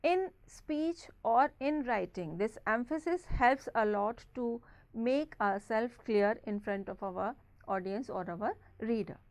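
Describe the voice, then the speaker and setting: A woman with an Indian English accent delivers a recorded classroom lecture in a fairly high voice. She explains patiently, often pausing on "okay" and "uh". The sound is close and dry, with almost no room echo. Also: lively intonation. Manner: explanatory, frequent "okay" and "uh" fillers.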